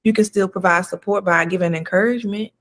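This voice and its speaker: A woman's voice: mid-range voice, fairly even intonation, quick pace. A woman doula chatting casually on a talk show, telling stories in a slangy, spiritual way. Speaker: doula and podcast co-host. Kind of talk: casual chat.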